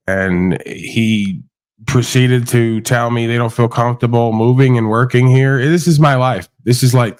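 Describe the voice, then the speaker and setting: Male panel host, casual rambling talker, online call. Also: medium pitch. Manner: rambling, repeats "right?" often. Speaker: podcast host. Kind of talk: casual rant to panel guests. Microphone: video call.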